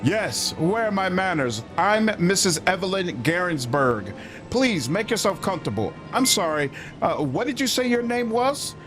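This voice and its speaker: A man's voice: high voice, big pitch swings, moderate pace. A man voicing a flustered, prim, well-bred lady who owns a robbed manor, reading game dialogue aloud. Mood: flustered polite. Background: game music.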